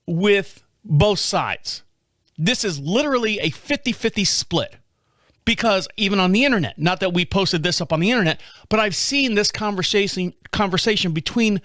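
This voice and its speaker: A man's voice: sits high, fairly bright tone, dry recording, clean studio sound. A man in his fifties with an American accent, hosting a casual solo chat show, rambling with restarts and swearing. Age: 50s. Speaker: podcast host.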